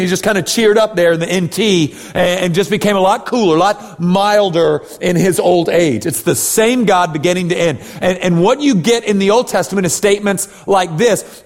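Man preaching in an echoing hall. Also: high-pitched. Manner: conversational preaching with frequent tag questions and restarts. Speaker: pastor. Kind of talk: sermon. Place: church hall. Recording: reverberant hall.

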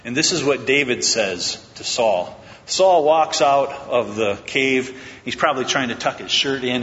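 A man's voice: expressive, a little slow, hardly any pauses, a bit bright. Male pastor, conversational sermon storyteller, long church-hall reverb, dull lo-fi sound. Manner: conversational Bible storytelling, acting out quotes. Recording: echoey lo-fi hall recording with faint rumble.

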